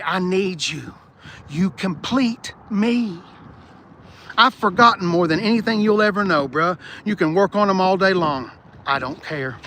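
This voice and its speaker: High-pitched, pushed and bright, a man runs a live outdoor stream from a car lot for his car channel. He speaks bluntly and jokes around with viewers while wind strikes the mic, as he uses no external microphone.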